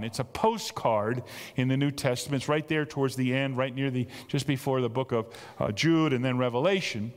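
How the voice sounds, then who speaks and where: A man preaching a sermon as pastor, talking in an animated, emphatic way that climbs to excited peaks. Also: medium pitch. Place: large church hall. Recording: long church reverb.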